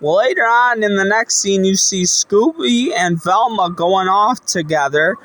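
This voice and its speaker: A man's voice: high voice, expressive, a little slow, sharp tone, poor audio. A man casually retelling a cartoon episode scene by scene, chaining events with plain, rambling storytelling.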